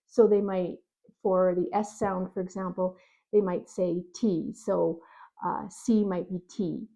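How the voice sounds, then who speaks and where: A woman's voice: medium pitch, mellow, lo-fi sound. A woman speaking as a speech pathologist, giving parents a friendly, plain-spoken explanation to camera. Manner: friendly, plain-spoken, with playful mock confusion in examples. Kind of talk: informal educational talk to camera.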